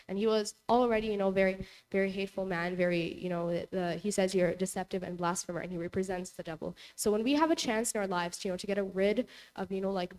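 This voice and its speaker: A young woman presenting a casual Bible lesson to a youth group in a church hall, retelling the story in a chatty way full of "like" and "you know". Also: medium pitch.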